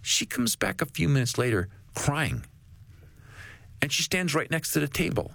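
A man, a guest author on a faith talk show, telling a story in an animated way. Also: a little high, normal speed, creaky, no echo.

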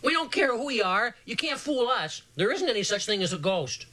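A man voicing a frightened boy who yells back in a squawky voice. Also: extremely high pitch, very animated, moderate pace, pitched above the performer's own voice, exaggerated voice. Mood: defiant. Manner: squawky, nervous.

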